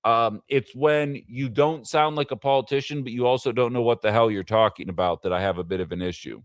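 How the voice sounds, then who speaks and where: A man's voice: medium pitch, fairly quick, no room sound, studio quality. A man hosting a casual political livestream, talking in a rambling way with fillers and asides to his chat. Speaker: livestream political show host.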